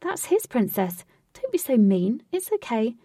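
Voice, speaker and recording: A forthright young heroine, brisk and sure of herself, with a bossy upbeat push, as a woman reading the story voices her. The lines ride noticeably higher than a plain reading. The sound is dry and the mic sits a little away. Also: sing-song, warm tone, no echo, recorded from a distance. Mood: confident.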